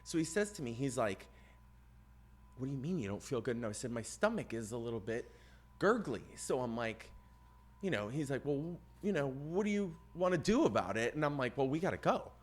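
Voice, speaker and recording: A podcast co-host with a medium-pitched voice speaks a little fast as he tells a long personal story in casual chat. He's animated, voicing the other people involved and getting loud at the climax.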